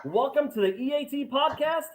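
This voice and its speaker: High-voiced Long Island podcast host. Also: male voice, animated, moderate pace, low-quality recording. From Long Island, New York. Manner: eager, builds up the guest. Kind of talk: interview host, read-out intro.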